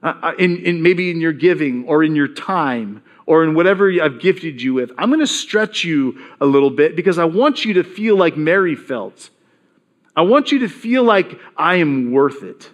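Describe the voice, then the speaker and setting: A man's voice: fairly high pitch, animated, normal speed. A man preaching a sermon in a conversational way, reading scripture aloud and acting out the voices in it. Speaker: pastor.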